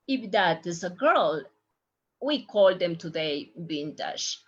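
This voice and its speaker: A young Ecuadorian woman, a native Spanish speaker with an Ecuadorian accent, teaching a Spanish lesson from slides and slowly modeling pronunciation. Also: fairly low pitch, lively intonation, lo-fi sound. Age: young adult. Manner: slow, deliberate modeling of pronunciation. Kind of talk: slide-based language lesson.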